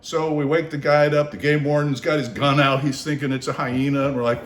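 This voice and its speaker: A man from Seattle telling a long story in casual conversation. He is animated, acts out the voices of the people in it and swears freely. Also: on the high side, a little fast. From Seattle, United States. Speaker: storyteller on his own show. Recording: roomy echo, faint background noise.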